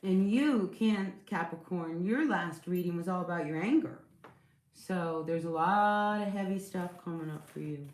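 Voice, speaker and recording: A woman's voice: lowish voice, measured pace, a little mellow, roomy sound, a little hiss or hum. A woman giving a casual tarot reading to her viewers, chatty and reassuring, often checking in with "all right?" and "you know". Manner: chatty, reassuring, with many fillers and rhetorical check-ins. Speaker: tarot reader.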